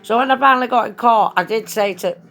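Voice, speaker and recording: A woman's voice: fairly high pitch, fast, fairly bright tone. A woman chatting into her phone, telling a story bluntly with plenty of slang and swearing. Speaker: vlogger. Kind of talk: casual storytelling monologue.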